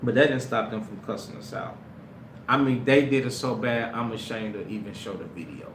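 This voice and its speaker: A man preaching a sermon through a story, often laughing and breaking into shouts. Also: medium pitch, a little fast. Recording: echoey room with loud background noise.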